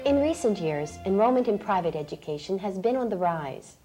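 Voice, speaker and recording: A woman hosting a 1980s television magazine program, reading prepared lines in a clear, measured way. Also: mid-range voice, expressive, loud music behind the voice. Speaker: program host. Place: 1980s TV studio.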